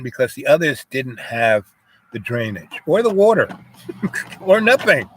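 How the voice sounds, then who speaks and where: A man's voice: mid-range voice, sing-song, unhurried, no echo. An older man from Jamaica telling a rambling personal story, full of "you know" and "um" fillers.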